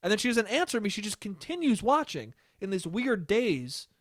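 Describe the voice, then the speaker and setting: A young man hosting a solo podcast, telling a rambling, profane story in a casual, animated way. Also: high voice, normal speed, no room sound, clean studio sound. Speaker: podcast host.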